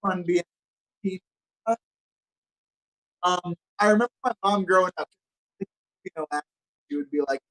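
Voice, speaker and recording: A young man from Los Angeles doing a stand-up comedy set, upbeat and self-mocking, with deadpan punchlines. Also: high-pitched, normal speed, long pauses, poor audio. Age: young adult.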